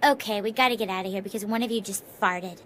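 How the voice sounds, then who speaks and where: A woman's voice: medium pitch, quick pace, over loud music, lightly acted. A woman voicing a brash, foul-mouthed young schoolgirl in a comedic cartoon dub, full of crude wisecracks.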